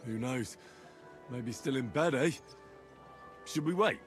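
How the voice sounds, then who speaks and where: An actor voicing an earnest, cautious young hero who asks careful questions. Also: male voice, medium pitch, takes it slowly, soft background music, close to an everyday voice.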